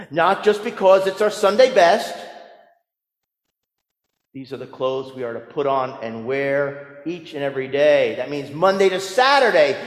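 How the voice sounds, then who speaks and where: Male pastor delivering a sermon, storyteller who drops quiet then hits hard; roomy church reverb. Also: fairly high pitch. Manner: storytelling preacher, swings from hushed asides to emphatic lines.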